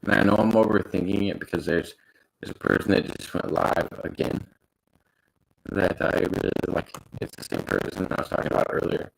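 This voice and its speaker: A young man talks on his live stream in a loose, rambling, self-conscious way. His voice sits very low, with a heavy gravelly fry. The talk is casual and unscripted. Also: steady tone, moderate pace, rough recording.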